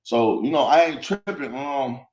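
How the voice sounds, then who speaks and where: A man's voice: medium pitch, unhurried, darkish tone, roomy sound, a little hiss or hum. A man in his thirties speaking bluntly and defiantly in a casual interview. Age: 30s.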